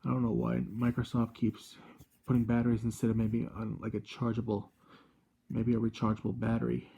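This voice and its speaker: A man in his twenties hosting a casual gadget review vlog from a room at home, rambling and halting, with constant self-corrections. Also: medium pitch, creaky, dark tone, slight background noise. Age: 20s. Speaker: channel host.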